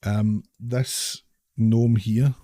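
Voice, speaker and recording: A man's voice: lowish voice, little pitch movement, very slow, mellow, dry recording. Man, dungeon master, narrating a tabletop game, stumbling, repeats words, dry sound.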